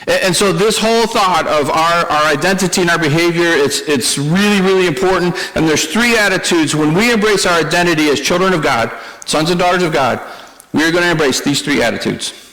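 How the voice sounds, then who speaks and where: Male pastor, higher register, conversational sermon delivery with self-deprecating humor, hall reverb. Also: a little fast, sharp tone.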